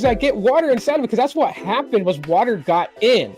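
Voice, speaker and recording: A man's voice: very high voice, a little fast, few pauses, soft background music. A middle-aged man hosting a tech livestream in casual chat, rambling and repeating himself as he tells stories. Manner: rambling, repeats phrases, lively storytelling.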